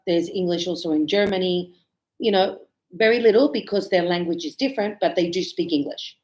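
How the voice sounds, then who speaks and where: A woman teaching a relaxed spoken lesson, chatty and animated as she tells stories and laughs often. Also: lowish voice, a little fast. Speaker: English teacher. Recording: echoey room.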